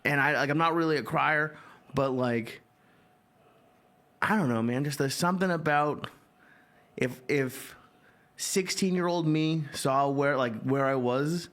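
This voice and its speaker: A man's voice: on the high side, a little slow, long pauses, a bit bright. A man in his thirties, a comedian co-host, talking earnestly and rambling in casual chat with lots of "like". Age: 30s. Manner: earnest, rambling, heavy on filler "like".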